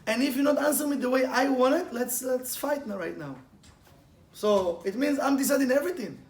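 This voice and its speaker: High-voiced man teaching. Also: fairly quick. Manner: animated, laughs often, acts out quotes and sound effects. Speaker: Kabbalah teacher. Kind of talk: informal spiritual lesson with storytelling. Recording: echoey room with faint ambient noise.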